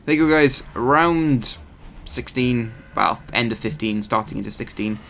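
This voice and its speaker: A man's voice: mid-range voice, measured pace, gravelly, fairly bright tone, a little hiss or hum. A man hosting his gaming channel, giving rambling, chatty live commentary over his gameplay and often correcting himself.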